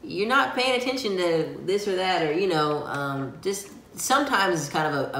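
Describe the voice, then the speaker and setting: A man's voice: on the high side, a bit bright, roomy sound, a little hiss or hum. A man co-hosting a casual advice chat with his partner, speaking earnestly and a little preachy but easygoing. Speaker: co-host of a couple's channel.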